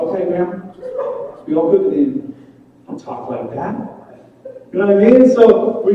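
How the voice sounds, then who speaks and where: A man's voice: high-pitched, lo-fi sound. A young man preaching a casual youth sermon, joking and self-deprecating, often asking the room questions. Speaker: youth pastor. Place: church hall. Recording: roomy far-off hall recording.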